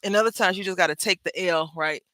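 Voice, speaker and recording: A woman's voice: fairly low pitch, fast, a bit bright, dry recording. A woman hosting a crafting tutorial, chatting casually and rambling into asides to her viewers as she works. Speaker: crafting channel host.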